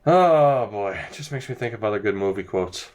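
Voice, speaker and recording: A man's voice: fairly low pitch, expressive, moderate pace, a little mellow. A young man giving sarcastic, exasperated commentary over a hockey video game as he plays. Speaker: gaming video creator. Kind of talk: let's-play commentary.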